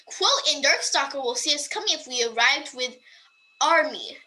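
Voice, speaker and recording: High, lively woman dictating aloud. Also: low-quality recording. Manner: slow, deliberate dictation broken by amused asides. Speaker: vlogger. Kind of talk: dictating a book excerpt to voice typing.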